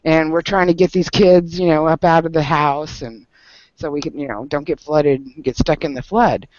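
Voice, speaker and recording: A man's voice: a little high, normal speed, dry recording. A man at a book club meeting, telling a story in casual group talk and laughing often. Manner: animated storyteller, laughs often, many fillers. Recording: dull lo-fi sound.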